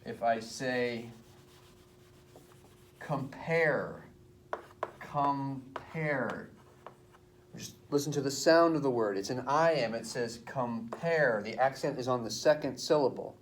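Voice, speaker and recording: Casual teacher sounding out verse rhythms. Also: male voice, mid-range voice, moderate pace, hardly any pauses, slight background noise. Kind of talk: classroom lesson explained at a board. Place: classroom.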